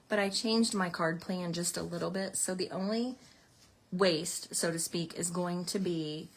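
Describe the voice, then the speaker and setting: A woman teaching a card-making class, chatting casually as she explains each step while working. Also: fairly low pitch. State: out of breath at times. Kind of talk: casual craft tutorial.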